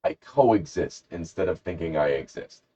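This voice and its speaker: A low-voiced man rambles through a jokey story on a casual podcast, and his pitch rises and falls in lively swings. The recording is dull and lo-fi. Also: normal speed. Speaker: podcast co-host.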